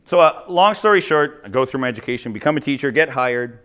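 Animated man telling funny stories. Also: mid-range voice, fast talker, clear, resonant tone. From Ontario, Canada. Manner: animated, jokey, acts out quoted voices. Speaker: teacher giving a conference talk. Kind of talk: humorous storytelling presentation.

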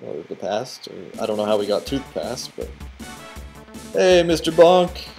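A man giving casual, excitable commentary while playing a video game, cheering on the character and guessing at the boss's moves. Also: lowish voice, brisk, creaky, faint music behind. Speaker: let's play host.

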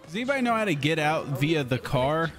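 A young man casually commenting on his gameplay as a streamer, excitable and swearing often. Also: on the high side, brisk, faint music behind.

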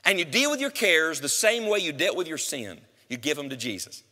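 A man's voice: on the high side, very animated, brisk, sharp tone. A man preaching a sermon in church, putting questions straight to the congregation with strong emphasis. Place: church sanctuary. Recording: church hall reverb.

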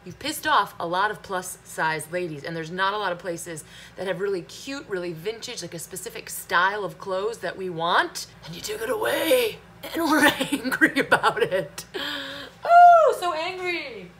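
A woman's voice: medium pitch, sharp tone, reverberant, slight background noise, poor audio. A woman in her thirties vlogging casually from her home kitchen, chatty and jokey, slipping into silly sung bits. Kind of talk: casual vlog chat. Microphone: camera on a tripod.

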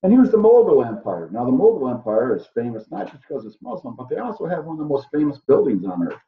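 Man, history teacher, jokey, animated pitch, echoey room, dull lo-fi audio. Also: fast. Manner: jokey, leads a map walkthrough. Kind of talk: co-taught history lesson.

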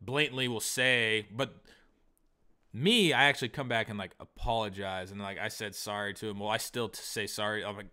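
A man co-hosting a comedy podcast, telling a long profane story in a casual, animated way. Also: fairly low pitch, normal speed, clear, resonant tone. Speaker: podcast co-host.

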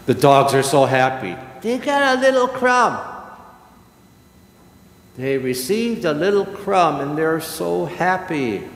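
An older man, a pastor, preaching a sermon slowly and emphatically, with dramatic pauses. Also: a little high. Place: church sanctuary. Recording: echoey church hall with long reverb.

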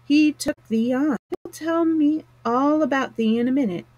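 A woman's voice: high-pitched, a little slow, a little mellow, no echo, lo-fi sound, voice pushed up. A woman voicing a good-humored country boy with broad dialect words like thee and thou, read aloud as a storybook. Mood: friendly. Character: cheerful country boy who talks to animals.

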